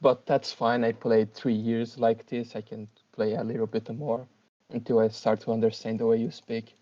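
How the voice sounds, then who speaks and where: A man who is not a native English speaker, a tabletop player, talking haltingly and searching for words. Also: mid-range voice, flat delivery, mellow, lo-fi sound. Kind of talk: casual chat.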